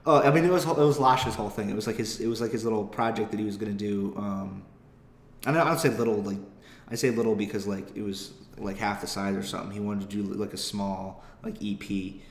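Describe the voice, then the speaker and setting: A young adult comedian hosts his own podcast, delivering a casual comedic monologue as he tells a rambling, profane, self-deprecating story. His fairly low voice is brisk with a steady tone, and the recording has a roomy echo.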